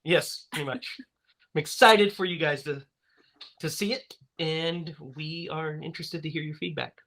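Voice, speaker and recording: Upbeat male podcast host, bright voice, casual chat, laughs easily. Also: fairly high pitch, fairly even intonation, unhurried, a little hiss or hum.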